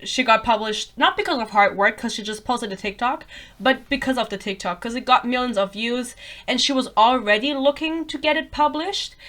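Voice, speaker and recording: Woman, bilingual, slightly high voice, casual vlog rant, blunt, sarcastic, swears, rambling tangents. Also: moderate pace, a bit bright. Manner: rambling, self-interrupting tangents. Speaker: book reviewer.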